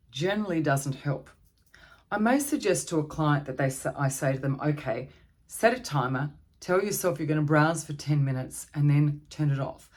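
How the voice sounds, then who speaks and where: A woman speaking in a noticeably low voice, talking informally as a therapist. Her delivery is gentle and conversational, and she often pauses on fillers and restarts her sentences. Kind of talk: informal talk on anxiety strategies.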